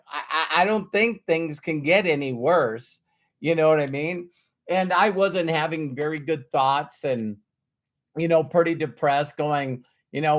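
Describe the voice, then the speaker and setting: A man from North Dakota hosting a live stream as a motivational speaker, greeting viewers by name and repeating his key lines in an earnest, emotional way. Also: a little high. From North Dakota, USA. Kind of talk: casual live-stream talk.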